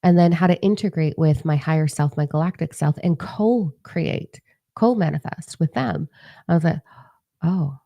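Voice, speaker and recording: Low gravelly-voiced woman in her forties. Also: moderate pace, no room sound, lo-fi sound. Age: 40s. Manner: candid, swears freely, animated asides. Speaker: spiritual teacher. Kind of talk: casual talk to followers.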